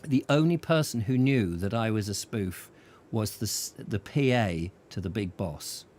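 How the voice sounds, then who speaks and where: A man hosting a casual chat show and telling a lively anecdote, chuckling often and restarting his sentences. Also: fairly low pitch, unhurried. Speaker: host.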